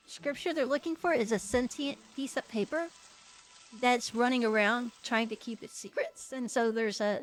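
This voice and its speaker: A woman's voice: on the high side, fairly bright tone, dry recording. A woman streamer casually recapping a film for her viewers, chatty and incredulous, breaking into laughter often.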